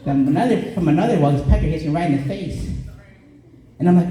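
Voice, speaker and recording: A male stand-up comedian from Colorado, delivering a deadpan comedy set in a small club. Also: fairly high pitch. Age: 20s or older. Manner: deadpan, sings a parody song at a slow drawn-out pace. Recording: echoey room, voice caught from a distance.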